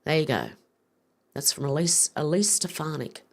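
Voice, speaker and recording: A woman's voice: deep voice, animated, moderate pace. Blunt, profane woman reading the news. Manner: reads posts aloud with blunt, profane asides. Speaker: livestream host. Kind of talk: casual livestream news commentary.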